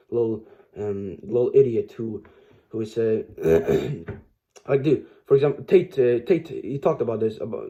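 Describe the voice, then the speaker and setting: A man's voice: medium pitch, dark tone, muffled recording. A man giving a rambling, profane motivational monologue to camera, with many restarts and fillers. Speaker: motivational vlogger.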